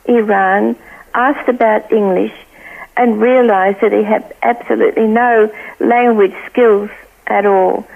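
An older woman from Australia telling a personal story as a guest, earnestly acting out the voices she quotes, heard over a phone line. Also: on the high side. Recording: tinny gravelly phone line.

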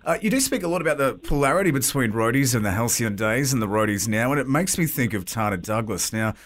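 A man's voice: mid-range voice, lively intonation, fast talker, a bit bright. A man hosting an interview podcast, talking casually and asking questions. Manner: conversational, leads with questions. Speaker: podcast and radio host. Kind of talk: interview chat.

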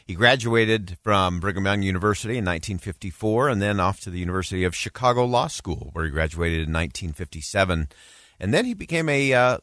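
Male host, low voice, casual delivery full of fillers, dry studio sound. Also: a bit bright, no echo. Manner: easygoing, frequent "uh" fillers. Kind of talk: casual commentary.

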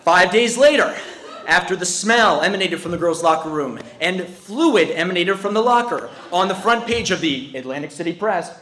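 Winded male storyteller from new jersey, high bright voice, laughing through an echoey room. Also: normal speed, slight background noise. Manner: animated, laughing through the telling. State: out of breath. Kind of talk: live storytelling.

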